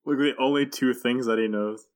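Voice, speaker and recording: A man's voice: medium pitch, fairly even intonation, a little fast. A man co-hosting a podcast, chatting casually and adding amused, laughing asides. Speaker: podcast co-host. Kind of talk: casual chat.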